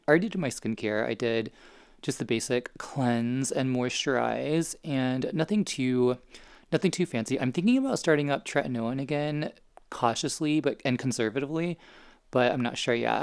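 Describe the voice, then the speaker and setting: A man's voice: medium pitch, creaky, clear, resonant tone. A man vlogging at home in a casual, rambling way, explaining skincare and anti-aging science. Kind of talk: casual vlog chat. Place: home, indoors.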